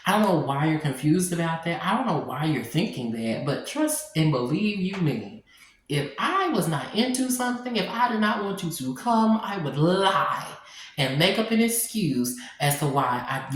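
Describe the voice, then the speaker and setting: Sassy woman spilling a storytime, deep voice, really echoey room. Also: moderate pace, slight background noise. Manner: animated, sassy, talks straight to the viewers. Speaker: storytime vlogger. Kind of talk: casual storytime monologue.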